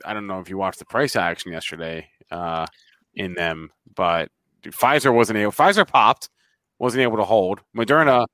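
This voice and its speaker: A man co-hosting a market show, chatting in a halting way and stumbling over his words. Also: lowish voice, a bit bright, no echo. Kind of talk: casual trading chat.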